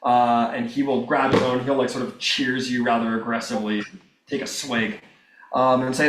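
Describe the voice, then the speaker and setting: A man's voice: medium pitch, flat delivery, normal speed, a bit bright, echoey room, far from the mic, a little hiss or hum. A man narrating a tabletop game as game master, in a loose, filler-heavy way.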